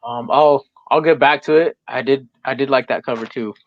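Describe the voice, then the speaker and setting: A man's voice: mid-range voice, moderate pace, muffled recording. A young man co-hosting a live stream in a casual, laid-back chat, full of fillers and easy laughs.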